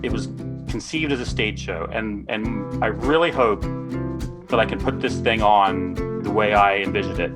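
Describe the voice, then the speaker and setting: A man speaking earnestly about producing comedy shows, pausing now and then with small hesitations. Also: on the low side. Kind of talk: personal testimonial. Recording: music bed under the voice.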